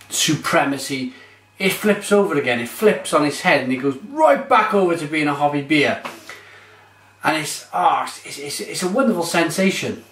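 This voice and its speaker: A man's voice: on the high side, a bit bright, reverberant. A man reviewing beer on his vlog, gushing and exclamatory as he describes it.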